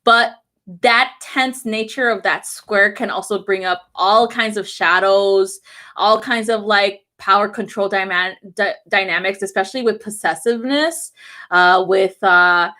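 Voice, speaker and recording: A woman's voice: mid-range voice, measured pace. Blunt, laughing woman astrologer. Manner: blunt, heavy swearing, frequent laughter; animated, talks directly to viewers. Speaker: astrology and tarot reader. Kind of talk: casual weekly astrology forecast.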